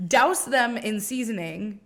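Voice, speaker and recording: A young woman with a fairly high voice co-hosts a casual podcast. She tells rambling stories, swears freely and breaks into laughter often. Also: expressive, takes it slowly. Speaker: podcast co-host. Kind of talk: casual chat.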